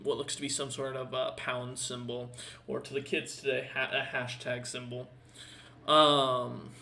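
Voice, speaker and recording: A man narrating a tabletop game as dungeon master, pausing often and filling gaps with fillers. His voice has a bright, sharp edge. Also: mid-range voice, a little hiss or hum. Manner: halting, full of fillers.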